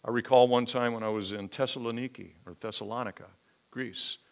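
A man's voice: medium pitch, fairly even intonation, fairly quick, vocal fry. A man preaching a conversational sermon, teaching from scripture with sudden emphatic outbursts.

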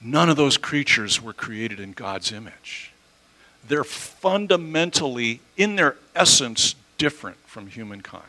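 A man's voice: medium pitch, expressive, measured pace, sharp tone, poor audio. A man preaching a conversational teaching sermon, using homely examples and correcting himself as he goes.

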